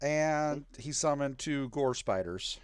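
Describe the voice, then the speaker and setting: A man running a tabletop game, taking his time and padding his narration with ums and uhs. His voice sits at a middling pitch, and the recording is dry and close, with no room sound. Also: animated, clean tone, dry recording. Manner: unhurried, filler-heavy narration. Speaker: game master.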